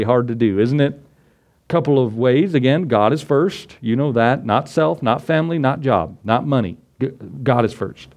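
A man's voice: mid-range voice, darkish tone. A man preaching a sermon as pastor, folksy and conversational, with asides, chuckles and acted-out quotes.

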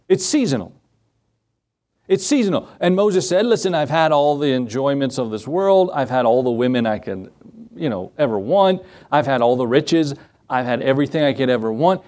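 Animated preacher man, lively pitch. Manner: animated preaching with rhetorical questions. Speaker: pastor. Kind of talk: sermon.

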